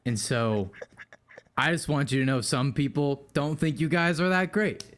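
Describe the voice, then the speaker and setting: A man's voice: a little high, normal speed, fairly bright tone, close to an everyday voice. A man voicing a blunt, casual male alien king who rambles and hesitates. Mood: grudging.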